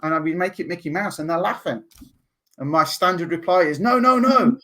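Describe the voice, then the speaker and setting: English male podcast guest, upbeat, animated, laughs often. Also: a little high, brisk. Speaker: guest, NLP practitioner. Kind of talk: podcast interview.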